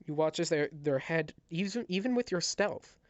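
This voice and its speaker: A man's voice: a little high, expressive, no room sound, lo-fi sound. Dry-voiced man narrating a tabletop game. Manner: descriptive, halting with restarts. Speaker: game master. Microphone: headset.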